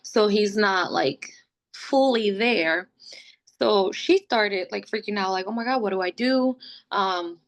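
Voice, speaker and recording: A woman's voice: medium pitch, takes it slowly. A young woman, a podcast guest, telling a personal story casually and acting out what others said. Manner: animated, acts out quotes of others.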